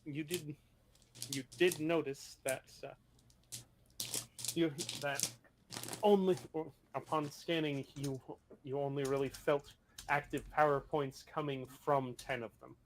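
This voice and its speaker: A man's voice: a little high, fairly even intonation, slight background noise. A man narrating as game master of a tabletop game, often stopping and restarting his sentences. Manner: halting, restarts mid-sentence.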